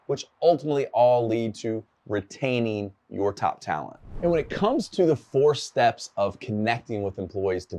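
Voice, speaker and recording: A man's voice: medium pitch, a little mellow. A man with an ordinary mid-range voice gives a solo talk on leading people at work. He speaks earnestly and candidly, telling a story from his own career. He then presses the listener to change how they do things. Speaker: workplace leadership speaker.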